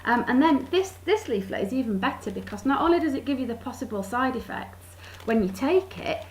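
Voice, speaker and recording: A woman's voice: on the high side, expressive, a little fast. A woman vlogging, sarcastically reading from a leaflet and commenting on it. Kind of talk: casual vlog commentary.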